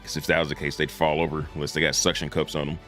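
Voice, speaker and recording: A man streaming live, reacting casually to game videos in a relaxed, slangy way and chuckling often. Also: a bass voice, rapid-fire, faint music behind.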